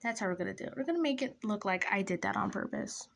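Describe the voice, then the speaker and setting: A young woman vlogger telling a school-days story while doing her makeup, dramatic and animated, dropping into whispers and jumping into high squeals. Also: fast, vocal fry.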